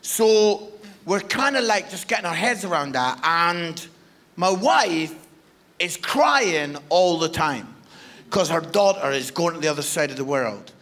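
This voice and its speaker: A man's voice: fairly high pitch, measured pace. A Scottish man in his forties, a guest preacher telling a funny personal story in a sermon and acting out the dialogue. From Scotland. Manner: animated, humorous, acts out dialogue.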